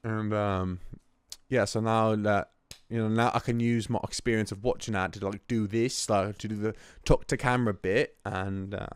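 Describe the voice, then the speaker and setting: A man's voice: on the low side, steady tone, normal speed, smooth, no echo. A man in his twenties who hosts the show, talking in a rambling, casual monologue full of swearing and restarts. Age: 20s. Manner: rambling, profane, restarts often. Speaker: host.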